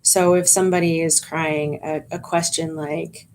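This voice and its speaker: A woman chaplain giving a gentle training talk to volunteers, calm and explaining, with frequent ums and restarts. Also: deep voice, measured pace, hardly any pauses, slight background noise.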